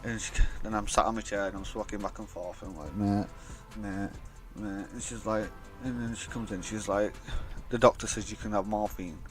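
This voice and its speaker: Young lad rambling a sweary story, low flat voice, bit of music under it. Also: male voice, quick pace, hardly any pauses. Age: young adult. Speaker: vlogger. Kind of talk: casual storytelling.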